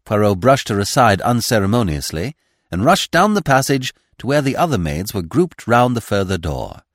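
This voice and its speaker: A man narrating a classic mystery novel as a podcast reader, in a measured, expressive storytelling manner. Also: fairly low pitch, no room sound, clean studio sound. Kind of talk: audiobook reading of a classic mystery.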